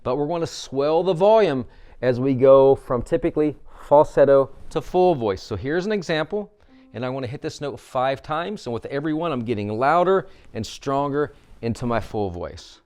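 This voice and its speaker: A man's voice: mid-range voice, animated, normal speed, a little mellow, clear, resonant tone. Upbeat male vocal coach leading exercises. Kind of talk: instructional vocal warmup.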